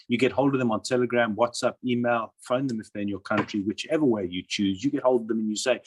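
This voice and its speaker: Man, South African accent, slide presentation, husky, animated pitch, persuasive. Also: fast, hardly any pauses. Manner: persuasive, asks and answers his own questions. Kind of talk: sales presentation over slides.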